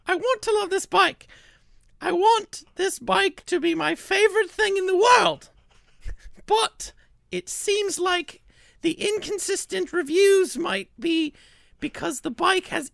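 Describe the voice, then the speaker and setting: A woman voicing a young office worker reading her own complaint review, in a high, piercing, plaintive voice. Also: lively intonation, measured pace, creaky, fairly bright tone, dry recording, clean studio sound, heavily acted.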